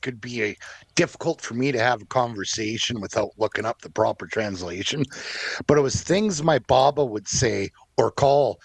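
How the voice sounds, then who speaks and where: Slow easygoing canadian guy telling stories, laughs a lot, dead dry sound. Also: medium pitch, gravelly, no room sound. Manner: laughs often, storytelling, unhurried. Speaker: podcast co-host. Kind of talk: casual chat.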